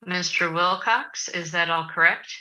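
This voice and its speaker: This is a woman judge with a low voice working through court business in a formal, measured way. Her tone is sharp and forceful. Each step of the procedure comes out clearly and deliberately. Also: low-quality recording.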